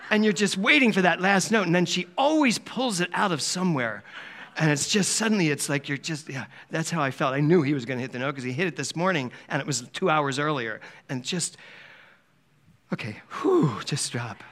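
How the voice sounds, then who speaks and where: Man, from Philadelphia, conversational sermon, fairly high-pitched, chatty storyteller who laughs a lot. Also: animated, a little fast, fairly bright tone. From Philadelphia, USA. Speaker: minister giving a Sunday talk. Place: church service hall.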